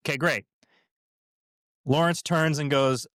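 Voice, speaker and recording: A man's voice: on the low side, normal speed, no room sound, clean studio sound. A middle-aged man co-hosting a podcast, telling stories in a casual chat with many fillers and restarts. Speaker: podcast co-host, former cast member.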